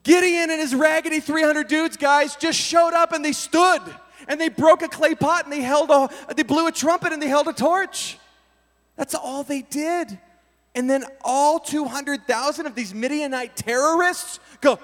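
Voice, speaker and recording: A man preaching a sermon as a lively story, energetic and full of casual slang. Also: extremely high pitch, moderate pace. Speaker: pastor. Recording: long hall reverb.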